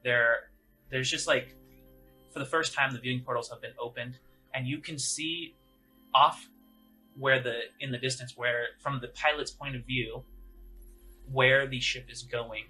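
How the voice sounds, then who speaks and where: A man's voice: mid-range voice, fairly even intonation, a little slow, pauses often, sharp tone, soft background music, low-quality recording. A man narrating as game master of a tabletop game, in a casual, rambling way with many fillers.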